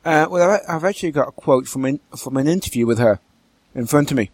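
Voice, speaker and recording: A man in a casual podcast discussion, speaking haltingly with restarts and fillers. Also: fairly high pitch, breathy edge, no room sound. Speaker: podcast co-host.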